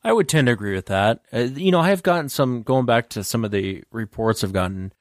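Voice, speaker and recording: A man hosting a podcast, chatting casually and retelling a listener's account with lively energy. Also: mid-range voice, fairly quick, no room sound, studio quality. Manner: animated retelling of a caller's story. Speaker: podcast host. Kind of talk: casual interview chat.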